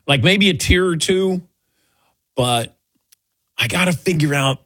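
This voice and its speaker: A man's voice: fairly high pitch, measured pace, long pauses, fairly bright tone, breathy edge, no echo, clean studio sound. A middle-aged man answering audience questions in a casual, rambling, self-mocking way, telling little stories.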